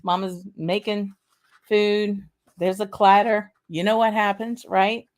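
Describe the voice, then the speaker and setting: Hosting a relaxed livestream, an Arkansas woman with a Southern accent talks slowly in a mid-range, level voice. She wanders from topic to topic, reads out viewer comments, and fills her talk with fillers and laughs.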